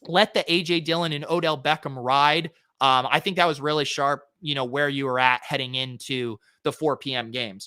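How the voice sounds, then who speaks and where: A man's voice: medium pitch, bright, forceful tone, smooth, no echo, studio quality. A man hosting a fantasy sports show, reviewing lineups in a casual, chatty way with lots of fillers. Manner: chatty, filler-heavy, quick asides. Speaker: fantasy sports podcast host.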